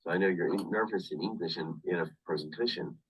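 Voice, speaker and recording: A man with a low, slightly husky voice gives a university English lecture over a video call, heard through a webcam mic set a little back from him. He explains step by step and circles back to the same points, leaning on "of course" again and again. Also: recorded from a distance, dull audio. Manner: repetitive, explains slowly with many "of course" asides. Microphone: computer webcam mic on video call.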